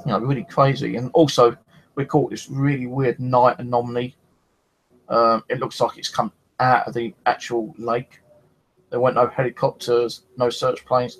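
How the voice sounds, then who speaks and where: On a low-quality recording with a little hiss or hum, a medium-pitched man casually tells stories of his paranormal experiences. As a paranormal investigator, he wanders through his tales, swearing liberally and dropping "you know" into the gaps.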